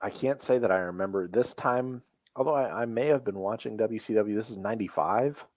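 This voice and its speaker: A man's voice: lowish voice, brisk, a little mellow, no echo. A man co-hosting a wrestling podcast, asking questions and making dry jokes. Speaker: podcast co-host. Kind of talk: casual chat watching wrestling.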